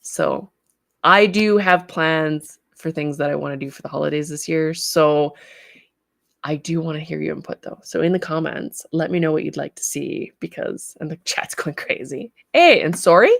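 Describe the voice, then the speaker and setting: A woman with a Canadian accent, hosting a casual livestream, bubbly and quick to laugh as she chats with viewers. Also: deep voice, gravelly, no room sound, clean studio sound. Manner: bubbly, reads chat comments aloud and laughs often. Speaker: livestream host, studio owner.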